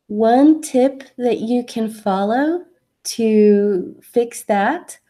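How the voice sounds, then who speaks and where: A woman with a soft, mellow, mid-range voice teaches English online, responding to a student's question. She goes through pronunciation tips patiently, offering examples and speaking slowly and deliberately so the student can keep up.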